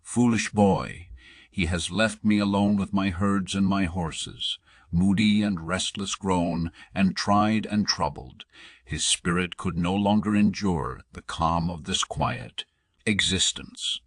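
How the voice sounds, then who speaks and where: A man's voice: sits low, slow pace, no echo, studio quality. A man reading as a hearty old blacksmith. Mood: reassuring. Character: hearty older male blacksmith turned herdsman.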